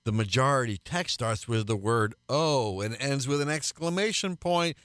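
A man's voice: mid-range voice, animated, normal speed, a bit bright, dry recording, clean studio sound. A man hosting a radio Bible teaching program as pastor, speaking earnestly and building to emphatic repeated refrains.

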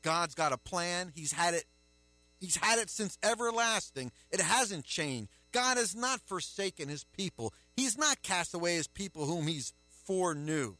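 A man preaching a sermon, emphatic, with rhetorical questions and a forceful delivery. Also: high voice, big pitch swings, unhurried, no room sound, faint music behind.

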